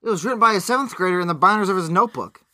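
A man's voice: sits high, lively intonation, very fast, bright, forceful tone, dry recording. A man co-hosting a podcast, reviewing a movie in casual banter with a crude, sarcastic, blunt manner. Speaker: podcast co-host.

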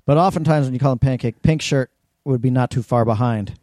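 A man's voice: medium pitch, fairly quick, mellow, dry recording, clean studio sound. A man co-hosting a podcast, swapping profane anecdotes in casual chat. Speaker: podcast co-host.

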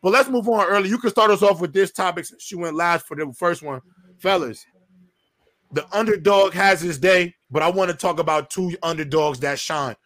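A man hosts a football debate with a high, bright voice. He sounds blunt and opinionated. The recording is dry and close. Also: moderate pace, dry recording. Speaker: host. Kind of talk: casual sports debate.

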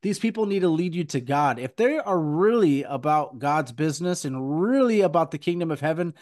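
A man's voice: a little high, animated, moderate pace, darkish tone. A man hosting a Christian podcast, talking earnestly and rambling with many fillers. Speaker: podcast host. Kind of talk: casual podcast chat and preaching.

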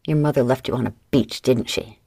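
A woman's voice: a bass voice, a little fast, vocal fry, dark tone, breathy edge, no room sound, heavily acted. A woman voicing a wisecracking male gambler. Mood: wry. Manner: dry, wisecracking. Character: wry nervous male gambler, man.

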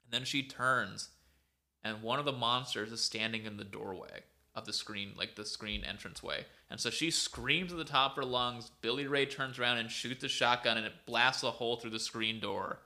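This podcast co-host speaks at a normal speed in a sharp, medium-pitched voice. Recounting a story casually over a video call, he rambles and relies on fillers such as "like" and "um."

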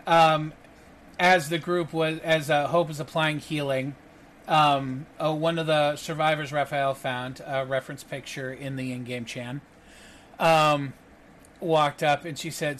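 A man acting as game master for a tabletop game narrates with many fillers and restarts. His voice is fairly high and bright, steady in tone, with a measured pace and slight background noise.

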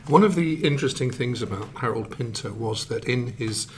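A man interviewing a guest, asking long, measured questions. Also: medium pitch, lively intonation, slight background noise.

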